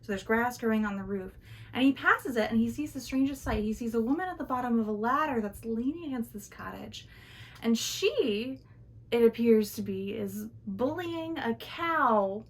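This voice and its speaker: Young woman telling a folktale at home, chatty, highish voice. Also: animated, moderate pace, slightly rough. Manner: chatty, with fillers and restarts. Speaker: student storyteller. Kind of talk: casual oral storytelling of a folktale.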